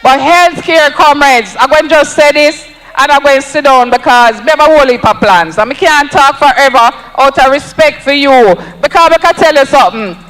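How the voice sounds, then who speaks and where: A man's voice: very high-pitched, normal speed, hardly any pauses, pushed and bright, big-room sound, low-quality recording. A Jamaican man giving an emphatic, rousing campaign speech at an outdoor rally, repeating lines for effect. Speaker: political speaker at a rally.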